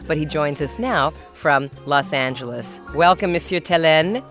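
A woman hosting a radio interview, introducing her guest and asking lively questions. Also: low voice, measured pace, faint music behind. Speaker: radio host.

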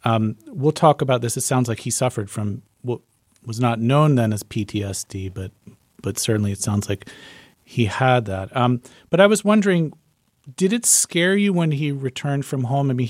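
A man's voice: mid-range voice, normal speed, a little mellow, no echo. Male interviewer, curious and direct, dry close recording. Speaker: interviewer, host. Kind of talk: interview questions.

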